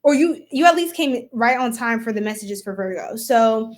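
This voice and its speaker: Woman, on the high side, chatty live tarot reader who giggles and goofs off with her viewers. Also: lively intonation, normal speed. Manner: casual, talks to viewers as y'all. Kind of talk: live-stream tarot reading.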